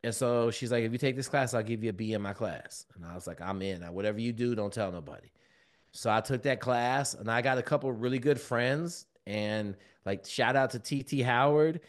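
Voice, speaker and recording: A man, a guest on an interview show, telling a personal story in casual, slangy speech and acting out the voices of people in it. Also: brisk. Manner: animated, acts out quoted dialogue with big pitch jumps; colloquial, relaxed slang. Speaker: guest, former Navy SEAL and mentor.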